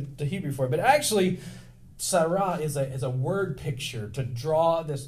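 A male pastor preaching a sermon in a conversational, animated way, inviting the congregation to respond. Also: fairly high pitch.

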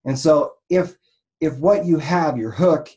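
A man's voice: a little high, a little slow, darkish tone. Rambling man teaching marketing casually. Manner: rambling, conversational, many restarts and fillers. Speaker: online marketer in the raw vegan health business.

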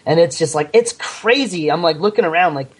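A man co-hosting a casual podcast, ranting animatedly with lots of swearing and quick repeats. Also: on the high side, animated, slightly rough. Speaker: podcast co-host. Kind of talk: casual chat.

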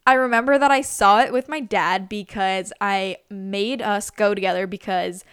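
A woman's voice: mid-range voice, fairly even intonation, normal speed, fairly bright tone, clean tone, dry recording, studio quality. A woman of twenty-three chatting casually and gushing about what she has watched, full of "like" and "literally". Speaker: vlogger. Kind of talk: casual chat.

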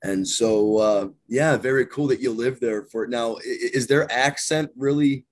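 A man's voice: mid-range voice, normal speed. A man co-hosting a podcast who agrees easily and muses aloud in casual chat.

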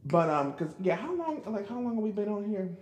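A man talks straight to his camera in a loose, animated solo podcast, laughing often and tripping over his restarts. His voice sits a little high. The recording carries a long hall-like reverb. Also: fairly quick. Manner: chatty and animated, frequent laughs and stammered restarts. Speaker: podcast host. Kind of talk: casual solo commentary. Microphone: camera recording himself.

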